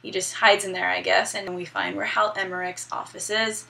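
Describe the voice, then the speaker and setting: Gravelly, bright young woman gaming vlogger. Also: medium pitch, little pitch movement, normal speed. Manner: irreverent, profane, laughing asides. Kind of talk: casual story recap.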